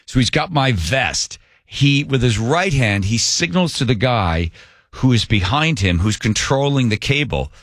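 A man hosting a radio talk show and telling a story in a casual, animated way, acting out other people's lines as he goes. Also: medium pitch, measured pace, no echo, clean studio sound.

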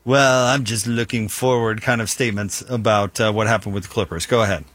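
A man's voice: on the low side, fairly even intonation, fairly quick, fairly bright tone, a little hiss or hum. A man co-hosting a sports radio show, bantering casually on air in a wry, rambling way full of fillers and restarts. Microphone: studio microphone.

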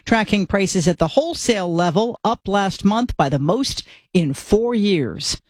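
Woman, news anchor, crisp measured delivery, dry studio sound. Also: mid-range voice, expressive, darkish tone, dry recording. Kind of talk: network news read.

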